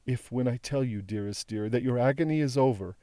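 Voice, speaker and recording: A man's voice: mid-range voice, a little fast, mellow, no echo, lightly acted. A man voicing a tender, pleading young woman. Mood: imploring. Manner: tender and imploring.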